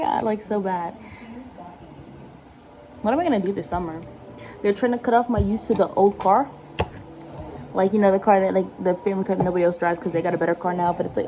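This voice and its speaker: A woman's voice: mid-range voice, fast talker, long pauses, dark tone, a little hiss or hum. A woman in her twenties chatting casually while cooking at home, rambling and self-mocking and laughing often. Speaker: vlogger. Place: home kitchen.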